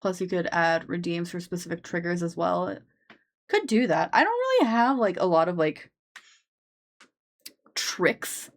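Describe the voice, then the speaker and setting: A woman streamer chatting loosely with her viewers, her voice sitting a bit low. She rambles, circling back with fillers and restarts as she thinks aloud. Her sensitive desk mic catches her up close. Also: animated, a little slow, pauses often. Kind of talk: casual live-stream chat. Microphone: sensitive desk microphone.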